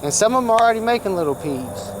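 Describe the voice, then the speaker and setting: Man, high voice, folksy rambling garden chat, faint insects outdoors. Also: sing-song, quick pace, background noise. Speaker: gardening vlogger. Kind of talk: casual walk-through commentary.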